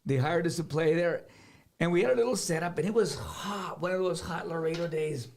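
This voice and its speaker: Middle-aged singer, high voice, animated storyteller who slips into Spanish. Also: male voice, brisk. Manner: animated, switches between English and Spanish, acts out other people's lines. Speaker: singer, guest. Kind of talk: casual storytelling.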